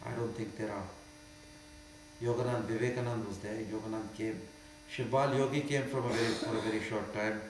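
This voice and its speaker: An older man from India with an Indian accent, a spiritual teacher answering questions in an emphatic way that moves from quiet to loud. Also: lowish voice, fairly even intonation, fairly quick. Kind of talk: spiritual Q&A talk. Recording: very echoey hall with faint hum.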